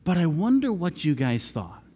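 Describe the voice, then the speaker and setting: A man preaching a sermon, retelling a story theatrically and swinging between shouts and whispers. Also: on the high side, very animated, moderate pace, husky. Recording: long reverb of a large room.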